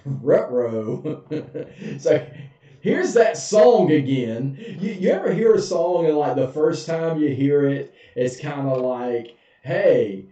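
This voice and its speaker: Folksy preacher, echoing from afar. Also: male voice, fairly high pitch, expressive, slow pace, warm tone. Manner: folksy, humorous, chuckles often. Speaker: pastor. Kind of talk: casual Bible study teaching. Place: church sanctuary. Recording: echoey, dull, far from mic.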